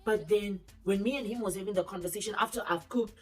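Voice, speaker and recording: A woman telling a personal story in a blunt, animated, profane way for her vlog. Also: medium pitch, fast, far from the mic, faint music behind.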